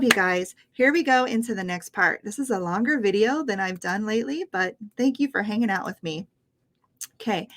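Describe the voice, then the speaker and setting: A woman's voice: medium pitch, a bit bright. An American woman teaching English pronunciation, patient and encouraging as she spells out sounds one by one. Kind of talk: online English lesson.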